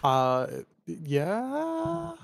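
A man's voice: high-pitched, huge pitch swings, very slow, creaky. A man chatting casually with friends on a stream, exasperated and swearing.

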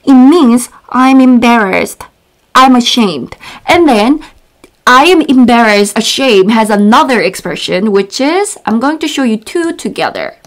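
A woman with a Korean accent, teaching a casual online language lesson, bubbly and repeating words slowly for learners. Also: a little high, expressive.

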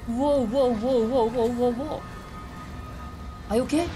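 Excitable woman streamer reacting to gameplay. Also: on the high side, takes it slowly, music in the background. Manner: excitable reactions, switching between Japanese and English. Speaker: game streamer. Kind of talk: live gameplay commentary.

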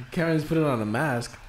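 A man's voice: a little high, a little slow. A man bantering and telling crude stories while watching a friend play a game, with lots of laughing. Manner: animated, crude, laughing storyteller. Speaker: co-host of a game stream. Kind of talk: casual banter while gaming. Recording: echoey room with faint noise.

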